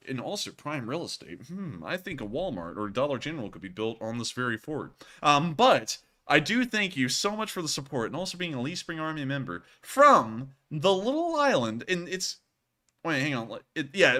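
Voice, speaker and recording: A man's voice: mid-range voice, sharp tone. A man hosting a casual live stream, chatting and rambling with frequent laughs. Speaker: streamer host.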